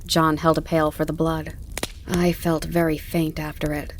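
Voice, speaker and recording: Low-voiced woman reading a classic novel. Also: level tone, moderate pace. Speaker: audiobook reader. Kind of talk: calm storybook narration. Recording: faint crackling campfire behind.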